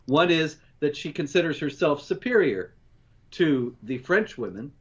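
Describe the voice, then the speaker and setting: A man co-hosting, running through news stories in a measured, steady way. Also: on the high side, highs cut off. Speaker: co-host. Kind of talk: news rundown commentary.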